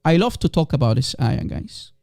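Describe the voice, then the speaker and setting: A man's voice: on the high side, big pitch swings, normal speed, vocal fry, darkish tone, no echo, clean studio sound. A man whose first language is Aramaic hosts a live call-in stream, talking emphatically and repeating rhetorical questions to his audience.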